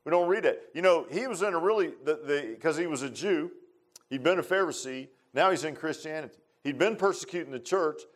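Casting note: middle-aged male preacher, somewhat high voice, folksy and rambling, informal sermon. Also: fairly quick. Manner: folksy, rambling, repeats phrases and says "man" often.

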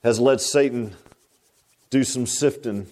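A man preaching a fervent sermon. He climbs high and loud, then drops low and quiet, and repeats his words as he goes. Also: slow.

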